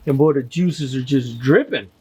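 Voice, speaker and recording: A man hosting his own barbecue channel, talking casually and enthusiastically to viewers while cooking outdoors at a grill. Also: mid-range voice. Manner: slow, relaxed and enthusiastic, addressing viewers as guys. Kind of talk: casual cooking video talk to camera.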